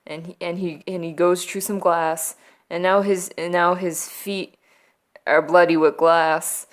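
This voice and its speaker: Young woman vlogger, slow deadpan comic recap, lower-pitched voice, laughs a lot. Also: faint music behind. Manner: playful, deadpan, laughs often. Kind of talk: comedic movie recap from memory.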